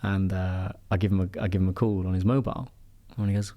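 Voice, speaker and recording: Male podcast host, slightly low voice, lively storyteller who plays out quoted characters. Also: fast. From England. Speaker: podcast host and performance coach. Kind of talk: casual podcast chat with storytelling.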